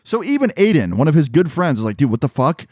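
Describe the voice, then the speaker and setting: A young man casually telling a personal story to his viewers, animated and swearing often, with frequent rhetorical asides. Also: a little high, fast, no room sound, studio quality. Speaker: storytelling vlogger.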